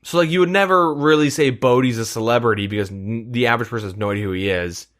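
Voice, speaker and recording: A podcast host with a medium-pitched, slightly bright voice talks quickly in a loose chat. His sentences wander, pile up filler words, and loop back on themselves, and he swears offhandedly along the way.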